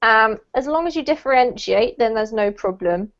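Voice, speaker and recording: A woman's voice: on the high side, animated, normal speed. Encouraging woman teacher on a muffled call. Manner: encouraging, gives gentle feedback. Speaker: pronunciation teacher. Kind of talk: online group pronunciation class. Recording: muffled video call audio.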